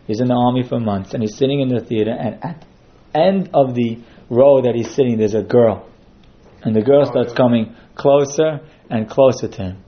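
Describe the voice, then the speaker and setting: A man's voice: mid-range voice, moderate pace, dull audio. A man giving a sermon that centres on a told story, acting out quotes as he goes. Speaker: synagogue speaker.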